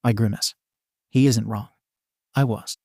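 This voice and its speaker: A man narrating a first-person story aloud in a steady storybook voice. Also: on the low side, measured pace, no room sound, studio quality. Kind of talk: reading fan fiction aloud.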